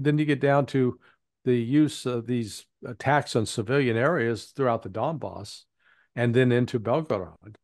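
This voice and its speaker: A man in a mid-pitched voice, giving blunt commentary as an interview guest. He rambles and restarts his sentences, stacking fillers as he goes. The sound is dry and close to the mic. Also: a little mellow, no echo. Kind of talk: casual spoken commentary.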